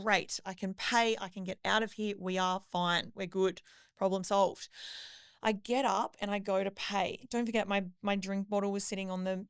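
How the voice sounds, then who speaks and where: A woman on a podcast, telling a chaotic story with lively acted-out voices of other people. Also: medium pitch, quick pace, clear, resonant tone, no room sound, studio quality. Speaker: podcast co-host. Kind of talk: casual storytelling chat.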